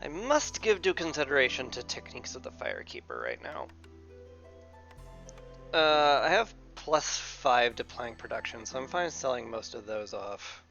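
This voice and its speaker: A man with a lively, up-and-down voice narrates his own gameplay as a streamer, thinking aloud and fussing at the game in playful mock rants. His voice is heavily gravelly with fry, and faint music sits under it. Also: medium pitch, normal speed, highs cut off. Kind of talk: casual gameplay commentary.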